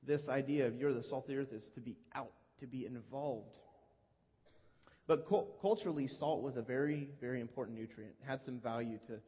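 A man preaching a sermon in a relaxed, conversational way, often restarting his sentences. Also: mid-range voice, breathy edge. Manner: conversational, with frequent restarts and fillers. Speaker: pastor. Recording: dull lo-fi recording in a reverberant hall.

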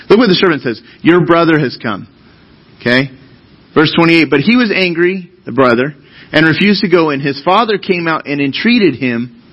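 A man's voice: a little high, breathy edge, lo-fi sound. A man preaching a sermon as pastor, reading scripture aloud and then explaining it with emphatic repetition. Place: church.

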